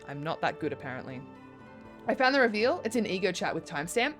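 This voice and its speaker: A woman's voice: lowish voice, very animated, fast, fairly bright tone. A young woman game streamer chatting casually and rambling to her viewers, with plenty of ums. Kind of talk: casual live-stream chat. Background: faint background music.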